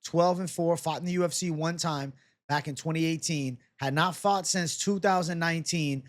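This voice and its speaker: Casual fast-talking man breaking down fights. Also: fairly high pitch. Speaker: MMA betting analyst. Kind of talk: solo prediction breakdown.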